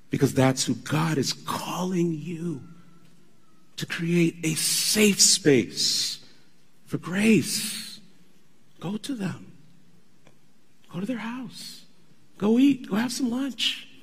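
A pastor delivering a sermon, emphatic and conversational, with asides to the congregation. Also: male voice, on the high side, breathy edge, big-room sound.

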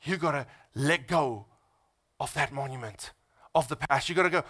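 A pastor's sermon from a man with a somewhat high voice. He leans in softly and intimately, then builds to loud, impassioned preaching, swinging widely in pitch and volume. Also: moderate pace.

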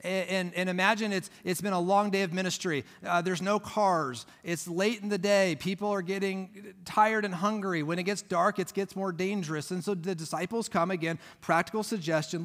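Pastor, male. High, bright voice; chatty, emphatic preaching; long hall reverb. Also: steady tone, normal speed, hardly any pauses. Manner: conversational, emphatic teaching with frequent restarts. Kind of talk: sermon.

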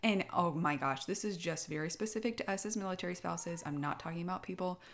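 A woman's voice: lowish voice, fast, fairly bright tone. Tearful young woman, rambling chat. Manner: emotional, rambling, lots of "like" fillers. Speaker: podcast co-host, military spouse. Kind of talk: casual heartfelt chat.

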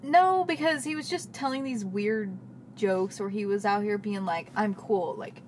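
A woman's voice: mid-range voice, moderate pace. A young woman co-hosting a podcast, chatting in an easygoing way with dry asides. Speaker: podcast co-host. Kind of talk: casual chat. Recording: background noise.

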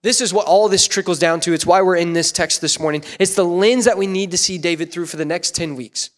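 A man preaching a sermon in a church, animated and playful, acting out voices in quotes. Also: sits high, a little fast. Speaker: pastor.

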